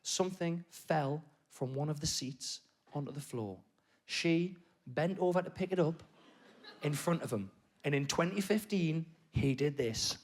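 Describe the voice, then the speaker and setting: Stand-up guy on stage, high voice, jumps from shouty bits to mumbly asides. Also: unhurried. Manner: animated, swings between loud bursts and low muttered asides. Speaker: stand-up comedian. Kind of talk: stand-up comedy storytelling. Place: comedy stage before a live audience.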